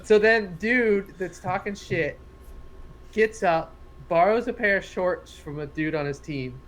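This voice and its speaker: A man's voice: high voice, a little slow, a bit bright. A young adult man co-hosting a casual sports podcast, telling a rambling story full of swearing and laughing at himself. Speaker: podcast co-host.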